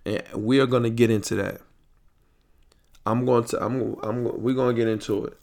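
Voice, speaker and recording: A man's voice: medium pitch, fairly even intonation, normal speed, vocal fry, long pauses, a little mellow. A young man hosting a solo podcast, ranting angrily with profanity and repetition, recorded late at night into a mic. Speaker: podcast host. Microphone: headphones and studio mic.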